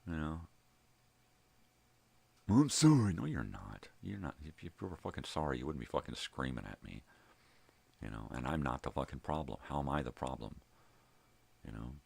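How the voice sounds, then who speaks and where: A man's voice: extremely low pitch, animated, brisk, vocal fry, slightly rough. An older man hosting his own vlog, telling a heated, profanity-filled story in a casual ranting monologue. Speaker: vlog host. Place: home.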